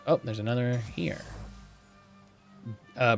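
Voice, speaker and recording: Guy streaming a game, gets hyped, reads item text out loud, bit of music under it. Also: a little high. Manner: excitable, swears casually, reads item text in a measured voice. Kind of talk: casual let's-play commentary, reading game text aloud.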